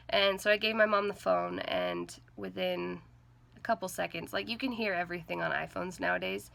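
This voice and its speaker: Earnest young woman with a gravelly low voice. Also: sing-song, pushed and bright. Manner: earnest, halting, heavy with fillers like "like" and "um". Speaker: vlogger. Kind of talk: personal storytelling to camera.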